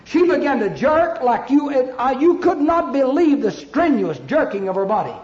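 A man's voice: extremely high pitch, very animated, normal speed, darkish tone. A man preaching an emphatic revival sermon, telling a story with a repetitive, pleading cadence to his congregation. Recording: echoey lo-fi church recording.

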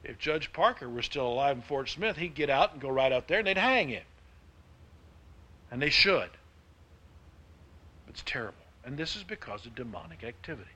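A man preaching a sermon, with emphatic delivery that swings between hushed and loud. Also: mid-range voice, very animated, normal speed, long pauses. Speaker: pastor.

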